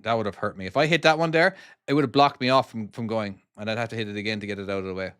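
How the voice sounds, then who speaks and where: A man's voice: fairly low pitch, racing, fairly bright tone, smooth, dry recording, studio quality. A man, casually chatting on a live stream while playing his own trucking game and reading out viewer comments. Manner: chatty, easily distracted, reads comments aloud.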